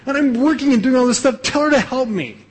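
A shrill, exasperated woman, worn out from working and fed up, complaining in a pitch well above the speaker's own voice, as a male preacher acts her out. The tone stays husky, with rushed, indignant bursts. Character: frustrated, overworked woman complaining.

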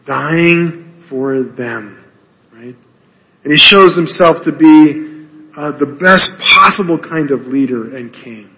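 Male preacher, casual teaching delivery with "right?" asides, slightly high and bright, in a big echoing hall. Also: takes it slowly. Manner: checks in with "right?" tags and frequent "uh" fillers. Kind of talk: conversational Bible teaching. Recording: long reverb of a large hall.

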